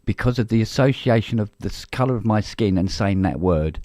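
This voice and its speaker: A middle-aged man with a very low, deep voice talks loosely on a live stream, circling back on himself with false starts and coughs. The sound is dry and close, with no room around it. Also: animated, brisk, a little mellow, dry recording. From England. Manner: rambling, full of restarts and coughs. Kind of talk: casual chat.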